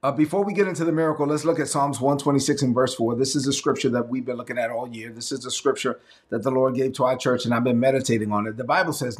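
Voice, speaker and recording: A man's voice: medium pitch, quick pace. Emphatic male pastor preaching. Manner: emphatic, conversational preaching with dramatic swings. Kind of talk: sermon.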